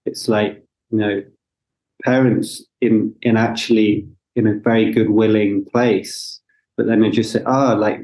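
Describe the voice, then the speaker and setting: A man's voice: on the low side, dark tone, rough recording. A man who is a coach, a guest on a podcast, speaking reflectively and hesitantly, searching for his words. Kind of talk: reflective conversation.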